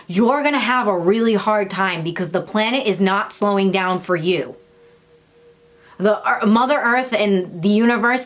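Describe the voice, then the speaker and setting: Here a young woman of medium pitch talks spirituality straight to camera in a casual vlog. Her style is blunt and full of swearing, with laughter and acted-out voices whenever she quotes someone.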